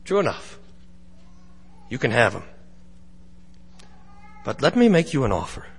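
A man's voice: mid-range voice, wildly swooping pitch, a little slow, breathy edge, exaggerated voice. A man voicing a protective male shepherd who offers his own life, in a story told during a sermon. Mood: earnest.

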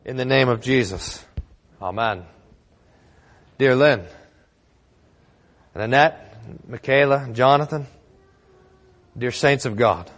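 A man pastor preaching a sermon with emphatic, slowly stressed phrases. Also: mid-range voice, a bit bright. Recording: church hall reverb.

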